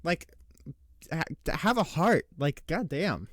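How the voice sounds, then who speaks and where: A man's voice: fairly high pitch, big pitch swings, a bit bright, dry recording. A man giving casual political reaction commentary, ranting in an exasperated way with frequent swearing. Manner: exasperated, rapid rants with profanity; mocking put-on taunts when quoting opponents. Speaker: reaction streamer.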